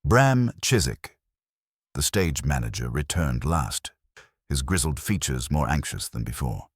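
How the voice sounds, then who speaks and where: A man's voice: extremely low pitch, sing-song, unhurried, husky, no room sound, studio quality. A man narrating a mystery story with dramatic delivery. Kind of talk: scripted narration.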